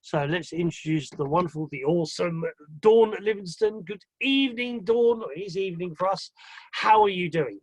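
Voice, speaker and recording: Male podcast host, high husky voice, dry close sound, chatty, playful, rambling. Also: normal speed, no room sound. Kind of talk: casual livestream chat.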